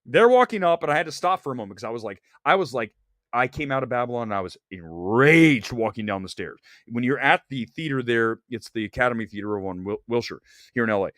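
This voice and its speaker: A man hosting a movie talk show, giving blunt, animated opinions with bursts of laughter. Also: medium pitch, fast, dry recording, clean studio sound. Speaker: podcast host and film critic. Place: Los Angeles studio.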